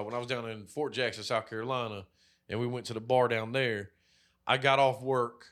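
A man's voice: medium pitch, fairly bright tone. A man in his thirties co-hosting a podcast, telling rambling, profane stories full of fillers in casual chat. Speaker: podcast co-host.

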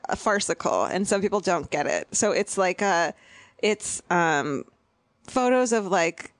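A woman's voice: lowish voice, lively intonation, unhurried, no echo. A woman co-hosting a podcast in casual chat, talking with lots of restarts and laughing easily. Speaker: podcast co-host.

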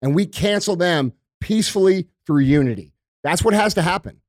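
A man with a somewhat high voice rants hard and swears constantly as a podcast co-host. The sound is dry and close, with no room around it. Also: lively intonation, moderate pace, no echo. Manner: profane, emphatic ranting. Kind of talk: heated casual talk.

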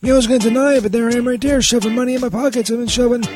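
A man's voice: very high-pitched, fairly even intonation, rapid-fire, a little mellow, faint music behind. A man playing Peter, a shifty, profane man who runs a haunted house, in a comedy radio sketch. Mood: defiant. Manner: defiant, profane, grumbling.

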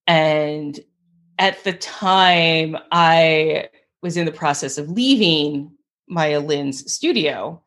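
Woman, 30s, interview guest, low-pitched, animated, quotes people in voices. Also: drawn-out words. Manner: animated, acts out quotes, laughs often. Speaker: guest artist. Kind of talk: casual interview storytelling.

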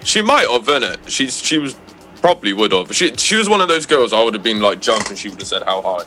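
A man's voice: lowish voice, sing-song, a little fast, sharp tone, a little hiss or hum. A man with an English accent telling a casual, slangy, rambling story on a podcast, laughing as he goes. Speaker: podcast co-host.

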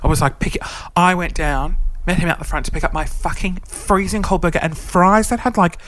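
A man's voice: high voice, fairly quick, fairly bright tone. A man telling a story in casual chat, dramatic and sweary, acting out his own angry rants.

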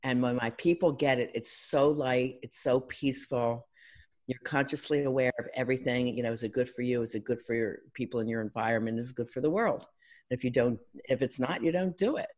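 A middle-aged woman from Philadelphia talks as a coach and counselor on a podcast. Her delivery is energetic and instructive. She slips into other people's voices to make a point. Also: a bass voice, brisk. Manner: energetic, teacherly, acts out clients' voices. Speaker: life and love coach, counselor. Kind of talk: guest on an interview podcast.

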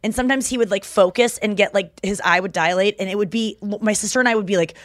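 Brief: young woman podcast co-host, lively comic banter, dry close mic. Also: mid-range voice, fast, no room sound. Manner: animated, jumps into squealing voices for quotes. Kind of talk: casual comedic chat.

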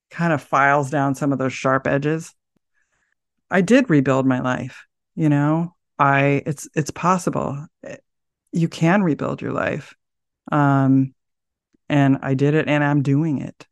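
A middle-aged woman speaking as a podcast guest, thoughtful and soft-spoken, often pausing to search for words. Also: sits low, no echo, clean studio sound. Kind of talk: reflective interview talk.

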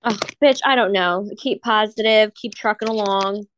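A woman's voice: medium pitch, normal speed, a bit bright, a little hiss or hum. A woman, co-hosting a podcast in laid-back chat and laughing often. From New Jersey. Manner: laughs often, casual, says "like" a lot. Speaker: podcast co-host. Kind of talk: casual chat.

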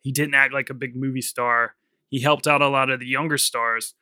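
A man's voice: mid-range voice, steady tone, brisk, bright, forceful tone, clear, resonant tone, no room sound, studio quality. A man co-hosting a film podcast, telling behind-the-scenes trivia in casual, swearing chat. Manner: swearing, laughs often, tells production trivia. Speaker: podcast co-host.

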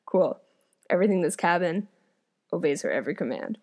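Reading a fairy tale aloud as an audiobook, a woman keeps pausing between passages to muse about the story in chatty asides. Her voice is lowish, sing-song, a little mellow and fairly quick.

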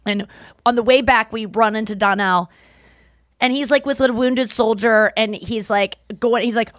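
A woman with a fairly high voice, chatting as a podcast co-host and acting out the people in her stories. She sounds close to the mic in a dry studio with no room echo. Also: moderate pace. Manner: animated storytelling, acts out quotes loudly. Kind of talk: casual chat.

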